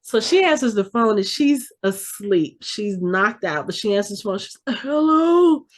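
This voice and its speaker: A woman's voice: medium pitch, animated, moderate pace. A woman in her forties co-hosts a casual podcast chat. She tells her stories with energy and acts out each person she quotes, her voice sitting in a middle range. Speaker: podcast co-host.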